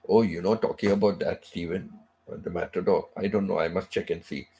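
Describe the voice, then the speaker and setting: Middle-aged guy on a live stream, low gravelly voice, rambles on with lots of you-knows, a bit under the weather. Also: fairly even intonation, brisk, warm tone. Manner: rambling, repeats phrases, many "you know" asides. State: unwell, recovering from sickness. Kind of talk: casual chat.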